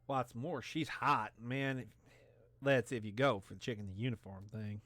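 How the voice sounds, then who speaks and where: A man's voice: medium pitch, fairly even intonation, normal speed, a bit bright, dry recording. A tipsy man gives a rambling, profane and jokey let's play commentary. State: tipsy from drinking.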